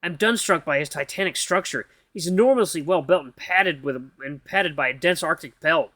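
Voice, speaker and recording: A man's voice: fairly high pitch, fairly quick, bright, forceful tone, no echo, clean studio sound. A gaming YouTuber, a man, reads a visual novel aloud in a casual, tired way and sometimes stumbles over the words.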